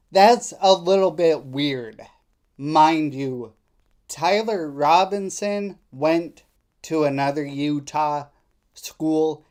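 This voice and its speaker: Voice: mid-range voice, darkish tone. A live stream host giving political commentary in a skeptical, indignant way.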